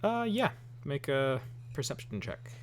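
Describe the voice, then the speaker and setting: A man narrating as game master of a tabletop role-playing game, relaxed and halting, with frequent ums and light laughs. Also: mid-range voice, heavy background noise.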